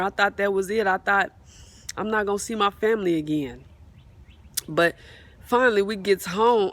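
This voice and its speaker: A woman's voice: medium pitch, a bit bright. A woman on a swing outdoors, giving a casual spoken faith testimony into a phone, fervent and repetitive, often calling out to her viewers. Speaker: faith vlogger sharing a testimony. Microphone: phone mic, sometimes partly covered.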